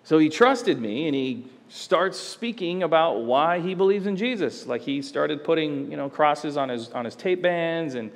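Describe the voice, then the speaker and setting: A man's voice: fairly high pitch, expressive, normal speed, few pauses, in a large hall. A male pastor preaching a sermon in a church, conversational and storytelling, slipping into acted quotes. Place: church sanctuary.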